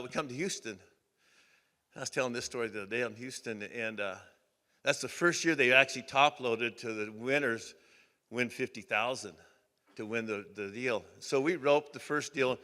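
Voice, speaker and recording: A man's voice: medium pitch, pushed and bright. An older man from Oregon giving a banquet speech, telling folksy, rambling anecdotes with many restarts. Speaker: hall of fame inductee giving a speech. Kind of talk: banquet acceptance speech, storytelling. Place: banquet hall. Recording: long hall reverb.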